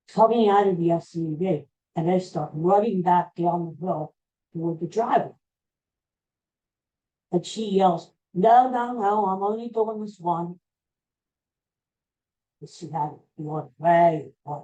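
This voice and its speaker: A man slowly retelling a personal story in a rambling, halting way, with frequent restarts. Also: a little high, dark tone, poor audio.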